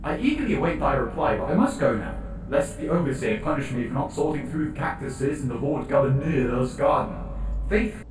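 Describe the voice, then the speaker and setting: A man's voice: mid-range voice, animated, brisk, soft background music, lightly acted. A man playing an exasperated, foul-mouthed male palace guard in a comedy animation. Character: hot-tempered male palace guard reading letters. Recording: echoey, distant from mic.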